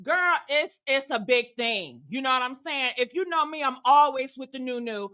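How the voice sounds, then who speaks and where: Brash, high-voiced older woman host. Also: animated, moderate pace, bright, forceful tone, clean tone, soft background music. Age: 60s. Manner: brash, profane, sassy. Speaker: commentary host. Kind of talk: casual commentary.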